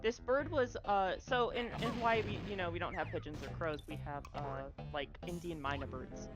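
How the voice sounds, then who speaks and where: Rambling low-voiced woman telling a story. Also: over loud music. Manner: rambling, halting, many fillers and restarts. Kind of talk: casual storytelling chat.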